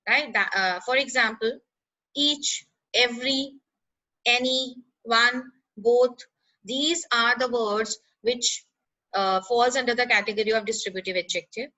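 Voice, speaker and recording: A woman explaining grammar in a lesson, pausing with "uh" and checking in with "right?". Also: fairly high pitch, sharp tone, low-quality recording. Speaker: teacher.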